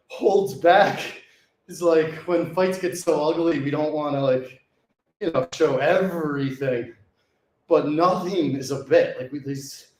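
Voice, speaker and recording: A man talking casually to his camera between sets, swearing freely and pumping himself up, sometimes a little out of breath. His voice sits a touch on the higher side. The sound bounces around an echoey gym room. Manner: profane, hyped self-talk between sets. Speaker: fitness vlogger. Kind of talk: casual workout vlog talk.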